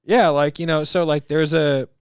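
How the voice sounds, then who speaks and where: Here a thirtysomething business coach guesting on a podcast spins casual stories, cursing freely, laughing along, and voicing what people said, peppered with "like" and "bro." He speaks at normal speed in a slightly high, steady, clear, resonant voice, captured dry with clean studio sound.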